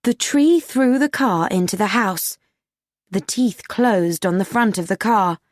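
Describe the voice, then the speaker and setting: A woman narrating an audiobook story in a slow, clear storybook reading. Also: mid-range voice, no room sound, studio quality.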